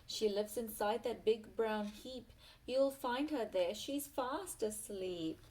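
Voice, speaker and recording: A woman's voice: fairly high pitch, takes it slowly, a little mellow, slight background noise. A woman reading the lines of a crafty, plump red hen in a picture book, in a coaxing, sly tone.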